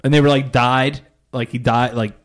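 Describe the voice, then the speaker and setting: A man's voice: medium pitch, level tone, moderate pace. A man co-hosting a podcast in casual chat, telling stories playfully and laughing often. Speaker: podcast co-host.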